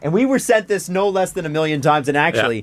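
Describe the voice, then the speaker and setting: A young man hosts a podcast with a lively, bouncing pitch, a little higher than most men's. He rambles, restarts sentences and laughs often. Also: fast. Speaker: podcast host. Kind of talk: casual chat.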